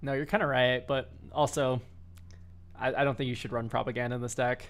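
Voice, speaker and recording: A man streaming live and reviewing viewers' card decks, excitable and quick to laugh, swearing casually. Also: mid-range voice. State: choked up, near tears.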